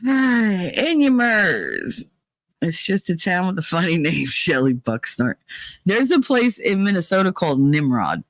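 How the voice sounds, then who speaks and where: A woman's voice: on the low side, big pitch swings, normal speed, dry recording. A woman chatting casually on a livestream, swearing freely as she tells stories and answers chat. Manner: profane, storytelling, mimics others in quotes. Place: away from home, traveling.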